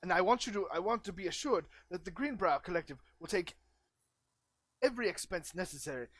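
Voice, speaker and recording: A man voicing a formal, fretful old male wizard in a tabletop role-play, speaking in a stiff, halting way. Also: high-pitched, animated, a bit bright, no room sound. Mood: grave.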